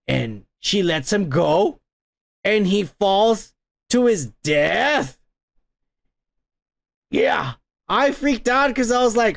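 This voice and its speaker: A man with a high voice hosts a comedy podcast. He recaps an episode in loose, rambling talk full of cursing and stumbles. The sound is dry and close, with no room echo. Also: lively intonation, takes it slowly, creaky, pauses often. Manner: rambling, swears constantly, restarts often. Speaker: podcast host. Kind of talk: casual profane recap.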